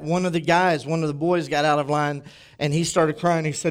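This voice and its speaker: A man preaching a sermon as pastor, telling a personal story in a conversational, animated way. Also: on the high side, moderate pace, clean tone.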